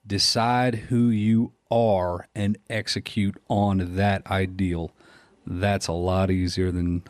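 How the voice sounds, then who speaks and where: A man's voice: low-pitched, fairly even intonation, slow pace, dry recording. A man co-hosting a podcast, chatting casually and teasing his partner with jokes. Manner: joking, teasing banter. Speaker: podcast co-host.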